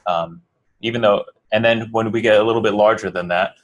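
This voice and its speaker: The audio is dull as a New Jersey coding instructor lectures briskly with a lowish voice and fairly even intonation. Speaking American English, he rambles casually through the class, full of fillers and restarts, and poses questions to the students.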